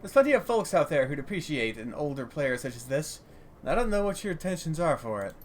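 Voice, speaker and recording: A man voicing a gruff, well-meaning old male junk scavenger with a put-on German accent. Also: on the high side, big pitch swings, fast talker, a little hiss or hum.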